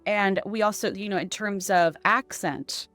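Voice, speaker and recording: A woman's voice: mid-range voice, measured pace, a bit bright, soft background music. A woman voice and accent coach explaining her methods in a conversational interview, often checking in with "right?".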